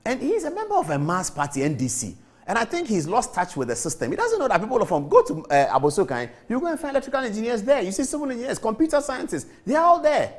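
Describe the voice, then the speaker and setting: Ghanaian man, TV host, impassioned commentary, lively swooping pitch, repeats points for emphasis. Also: fast, few pauses. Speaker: TV show host. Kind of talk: studio commentary.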